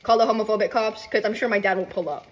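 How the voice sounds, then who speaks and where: Husky young woman rambling, swearing. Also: medium pitch, fairly even intonation, fast. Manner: rambling, swearing, full of fillers and asides. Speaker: vlogger. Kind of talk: casual rant while cooking. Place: home kitchen.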